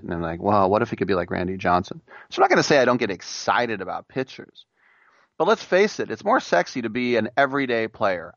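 A gravelly man hosts a sports talk radio show and rambles through baseball memories with jokes. The sound is dry and a little dull, close to a studio mic. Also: on the low side, a bit bright, no room sound. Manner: rambling, jokey, does impressions of announcers.

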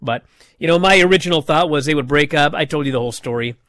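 A man with a high-pitched voice recaps a wrestling show in a loose, chatty way, scattering "like" through his sentences. The sound is dry and close, with no room echo. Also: fast talker. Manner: chatty, animated retelling with many "like" fillers. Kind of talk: casual recap commentary.

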